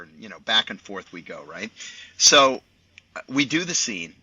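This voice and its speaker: A man in his sixties, a sportscaster guest telling anecdotes on a podcast with lively asides. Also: lowish voice, normal speed, breathy edge, dry recording. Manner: animated raconteur, chatty with many asides. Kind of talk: podcast storytelling. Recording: dull dry lo-fi audio.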